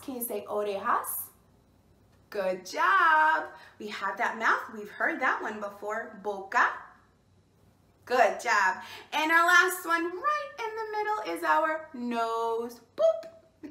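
A woman's voice: a little high, sharp tone, roomy sound. A woman hosting a bilingual children's storytime, cheerful and encouraging, who asks the children to repeat words after her while she sits indoors. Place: indoors, seated.

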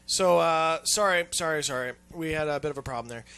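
A young male radio host with a high, bright voice tears into a profane, fast-moving rant in the studio. He swears freely and slips into mocking voices for the callers he complains about. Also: smooth. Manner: ranting, swears constantly, acts out annoyed callers.

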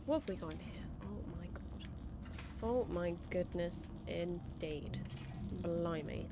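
A woman giving casual, excitable let's-play commentary, chattering to herself and to the creatures she meets. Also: on the low side, slow pace, very noisy. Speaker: game streamer. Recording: game music under voice. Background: game music.

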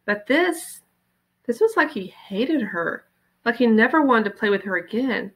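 A woman teacher reading a children's novel aloud with expressive storytelling. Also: on the high side, measured pace, slightly rough.

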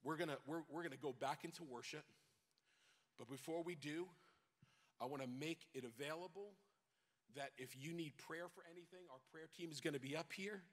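New York pastor preaching in a reverberant hall. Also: male voice, fairly high pitch, a little fast. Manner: preaching with rising intensity, exhorting. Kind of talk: sermon.

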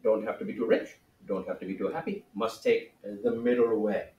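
A man's voice: on the high side, a little slow, echoey room, distant mic, dull audio, slight background noise, close to an everyday voice. A male teacher playing a jokey wise sage in comic classroom role-play, with a wobbly put-on accent and theatrical delivery. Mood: mock-solemn. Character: man playing the Buddha as a mock-solemn sage.

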